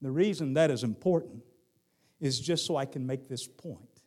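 A middle-aged man with a Southern accent preaching a sermon, moving from hushed lines to shouted ones. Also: mid-range voice, moderate pace. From Southern United States. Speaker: pastor.

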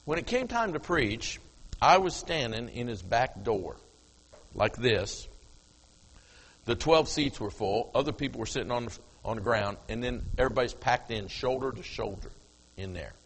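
A man's voice: medium pitch, animated, moderate pace, a bit bright, breathy edge, in a large hall, poor audio. An older man preaching a sermon, telling a story from the platform and acting out the dialogue. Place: church platform before congregation.

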